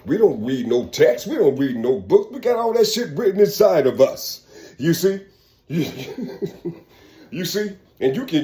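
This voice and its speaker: Brief: lively, high-leaning man preaching a profane rant, swings up to shouts. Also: reverberant. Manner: preachy, profane, keeps asking "you see"; bursts into shouting and laughter. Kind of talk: spiritual rant monologue.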